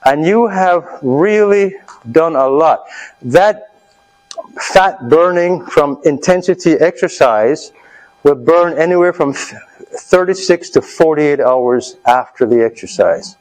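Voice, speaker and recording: A man's voice: on the high side, takes it slowly, low-quality recording. A man leading a live health seminar, coaching his audience through an exercise and checking in with them as he goes. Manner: coaching, urging the audience on loudly. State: out of breath. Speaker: health speaker leading a workshop.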